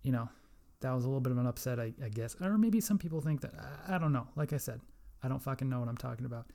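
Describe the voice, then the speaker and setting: A man's voice: medium pitch, rapid-fire, vocal fry, mellow. A young man hosting a casual solo podcast, rambling, profane and self-mocking. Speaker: podcast host.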